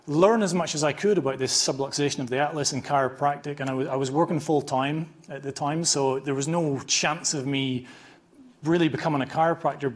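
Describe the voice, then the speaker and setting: A man with a scratchy voice and a Northern Irish accent, giving an informal, self-deprecating conference lecture in a hall, restarting his sentences often. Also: mid-range voice. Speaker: conference speaker, chiropractor.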